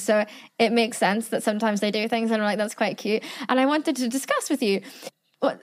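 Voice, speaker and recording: Chatty young woman, rambling podcast host. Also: on the high side. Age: 20s. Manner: chatty, rambling, lots of fillers. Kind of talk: casual chat.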